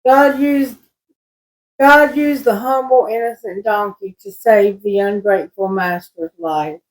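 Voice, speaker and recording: A woman's voice: medium pitch, fairly even intonation, low-quality recording. A woman tarot reader reading scripture aloud and musing on it in a loose, rambling way, often restarting her sentences. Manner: slow, rambling, self-correcting. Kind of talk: casual spiritual reading.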